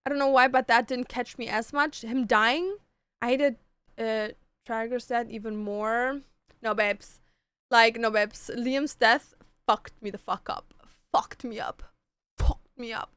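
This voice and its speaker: Gushing bright-voiced woman streamer. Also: on the high side, steady tone, unhurried, clean tone, dry recording. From Canada. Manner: chatty, gushing, swears freely, reads chat aloud. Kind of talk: casual stream chat.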